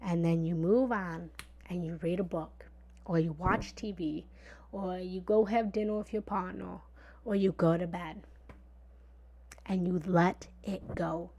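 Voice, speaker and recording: A woman giving a motivational talk in a lively, conversational way. She sometimes drops into a whisper for emphasis and repeats phrases playfully. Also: on the low side, a little slow. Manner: repetitive, playful analogies. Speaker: motivational speaker.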